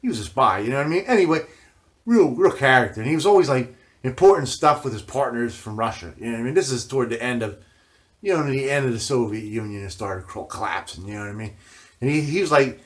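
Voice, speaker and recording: A man's voice: mid-range voice, animated, fast talker. Middle-aged male host, loose rambling monologue, filler-heavy and profane. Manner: casual, constantly says "you know what I mean", swears freely. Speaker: video journal host.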